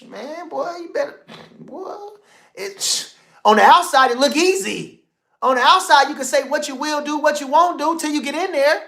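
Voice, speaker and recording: Middle-aged guy doing boxing talk on a livestream, slangy, goes from mumbling low to hyped and loud. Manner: animated, slangy, swings from low murmur to loud outbursts. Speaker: boxing commentator. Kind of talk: casual livestream commentary.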